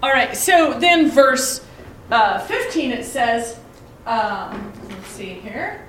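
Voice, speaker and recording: A woman's voice: fairly high pitch, animated, takes it slowly, fairly bright tone, a little hiss or hum. A middle-aged woman leads a conversational Bible lesson, asking her listeners pointed rhetorical questions and telling family anecdotes. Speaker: Bible study teacher. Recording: echoey room, mic at a distance.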